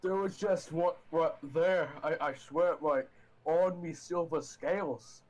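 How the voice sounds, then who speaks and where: A man's voice: on the high side, slow, rough recording. Man doing a stammering, panicky dragonborn. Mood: panicked. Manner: stammering, flustered.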